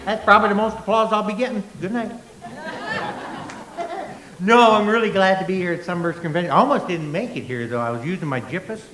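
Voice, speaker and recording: A man's voice: sits high, a little fast, noisy background. A man doing a jokey stand-up act on a convention stage, bantering with a live audience. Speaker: comedian. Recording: roomy live venue sound with crowd. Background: audience applause and laughter.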